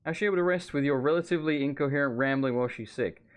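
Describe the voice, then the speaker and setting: A man's voice: on the high side, clean tone. A man streaming live gameplay commentary, rambling and chatting with viewers while feeling overheated at home. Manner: rambling, chatty, quick asides to chat. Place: home room.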